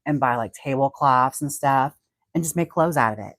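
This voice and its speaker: A man's voice: medium pitch, normal speed, a bit bright, no room sound. A man hosting a casual livestream, chatty and giggly as he talks about wigs and reads out viewer comments. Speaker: livestream host and wig stylist.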